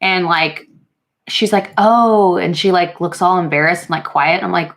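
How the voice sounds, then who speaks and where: A woman's voice: fairly low pitch, fairly even intonation, unhurried, a bit bright. A young woman telling a story in a casual get-ready-with-me vlog, frank and exasperated, swearing freely with many fillers. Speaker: beauty vlogger. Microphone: camera mic while doing makeup.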